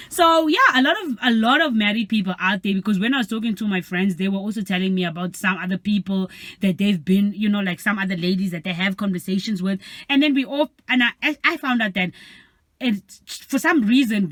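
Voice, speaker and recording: A woman's voice: medium pitch, brisk, no room sound. A young woman vlogging from her parked car, telling stories in a casual chat and acting out her friends' voices as she goes. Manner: animated storyteller, acts out friends' voices.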